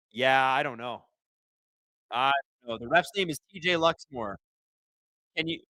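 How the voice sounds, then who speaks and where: A young man hosting a live watch-along of a hockey game, calling the plays fast and shouting at the referees. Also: fairly high pitch, no echo, clean studio sound. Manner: excitable, shouts and swears at the referees.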